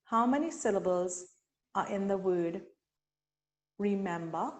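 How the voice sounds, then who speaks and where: A woman from Trinidad and Tobago leading a teacher-training webinar, speaking deliberately and sounding out syllables slowly. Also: medium pitch. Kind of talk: instructional webinar talk.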